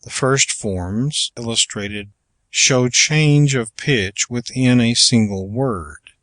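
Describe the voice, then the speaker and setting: A man reading aloud from a public speaking manual in a measured, deliberate way. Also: medium pitch, a bit bright, dry recording. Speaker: audiobook reader.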